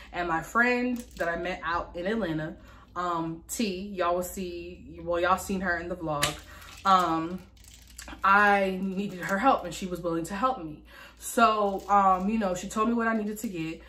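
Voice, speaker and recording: A young woman with a slightly low voice tells a personal story straight to her viewers. She talks candidly and unfiltered, with plenty of "like" and "um" and the odd curse, as if confiding in friends. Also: sharp tone, slight background noise. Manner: candid, venting, frequent fillers and profanity. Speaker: vlogger. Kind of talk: casual storytime vlog.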